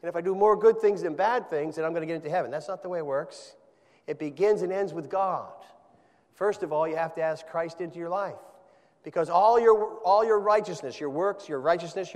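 A man preaching a sermon, emphatic, often rising to forceful peaks, with quiet stretches in between. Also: fairly high pitch, long reverb tail. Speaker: pastor.

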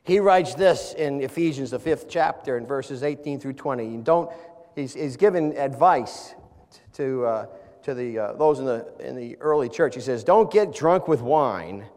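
A man preaching a sermon, swinging from loud emphatic lines to soft low asides and stressing key words slowly. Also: expressive, long reverb tail. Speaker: pastor.

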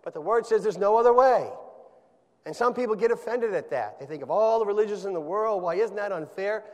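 A man preaching a sermon, emphatic, often rising to forceful peaks, with quiet stretches in between. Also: high-pitched, big-room sound. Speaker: pastor.

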